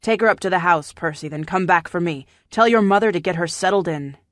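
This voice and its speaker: A woman's voice: fairly low pitch, brisk, fairly bright tone, dry recording, clean studio sound, lightly acted. A woman voicing a stern, domineering middle-aged uncle in an audiobook, curt and commanding.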